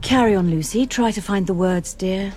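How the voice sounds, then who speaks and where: An actress playing a patronising, soothing school counsellor. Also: female voice, medium pitch, normal speed, lightly acted.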